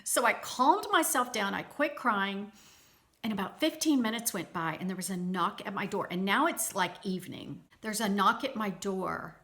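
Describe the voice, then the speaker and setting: A woman vlogger telling a personal story to her viewers in a chatty, animated way, with frequent restarts. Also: mid-range voice, moderate pace. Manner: addresses viewers directly.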